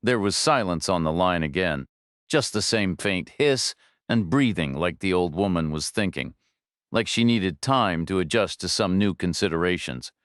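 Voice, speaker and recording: A man narrating a thriller audiobook in measured, steady storytelling, recorded on a studio microphone. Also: low-pitched, dry recording. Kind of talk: scripted narration.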